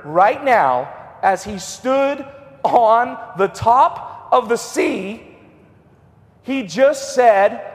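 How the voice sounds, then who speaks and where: A middle-aged man preaching a revival sermon in a church, swinging between loud and hushed. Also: extremely high pitch. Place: church sanctuary. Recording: long hall reverb.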